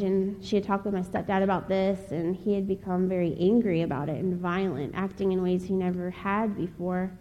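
A young woman from Ohio giving a personal testimony speech, telling her story in an earnest, measured way with pauses. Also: mid-range voice, warm tone, muffled recording. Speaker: speaker. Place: chapel. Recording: long reverb of a large hall.

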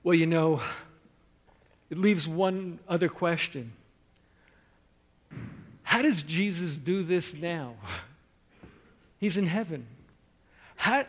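A man preaching a sermon in a big church hall, his voice trailing off in a long reverb. He sits a touch higher than most men. He tells his stories with big swings from loud emphasis down to quiet, hushed lines.

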